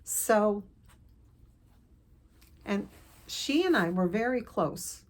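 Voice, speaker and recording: An older woman telling a personal family story to camera, earnest and emotional, with pauses and restarts. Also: mid-range voice, lively intonation. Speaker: counselor vlogger.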